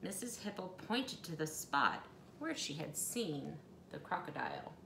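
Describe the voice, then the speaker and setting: A woman reading a children's storybook aloud with expressive, animated delivery and playful asides. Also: sits low, unhurried, creaky, slight background noise. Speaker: storybook reader. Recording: echoey room, faint ambience.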